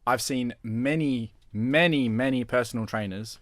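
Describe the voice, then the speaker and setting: A man's voice: mid-range voice, a little slow, no echo. Earnest man, dry close sound. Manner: earnest, lists points with repetition. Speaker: podcast guest, coach. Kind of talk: casual chat.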